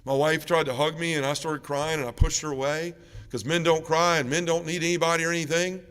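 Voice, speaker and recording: In a church full of long, echoing reverb, a man shares his personal testimony at a parish mission. His fairly high voice is steady, clear and resonant, and he speaks fairly quickly. He tells the story with feeling, rising loud as he relives arguments.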